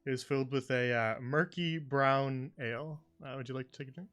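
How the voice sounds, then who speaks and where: A man narrating as dungeon master, relaxed and full of ums and uhs. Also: medium pitch, moderate pace. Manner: filler-heavy, relaxed narration. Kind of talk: narrating a tabletop game.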